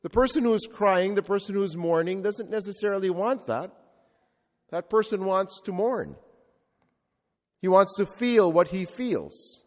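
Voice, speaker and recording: A man's voice: high voice, lively intonation, unhurried. A male Catholic priest preaching a sermon with reflective storytelling and rhetorical repetition. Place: church. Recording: long reverb of a large church.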